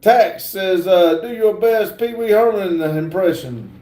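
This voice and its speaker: A man chats casually on his livestream and reads viewer comments aloud, drawling with plenty of fillers. His voice sits high but sounds mellow and relaxed. The room around him is echoey. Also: a little slow. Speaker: livestream host reading chat.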